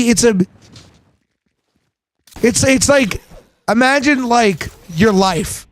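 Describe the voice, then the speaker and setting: This gaming channel host has a very high voice, recorded with no echo. He gives casual gameplay commentary, rambling along in a giggly, self-deprecating way.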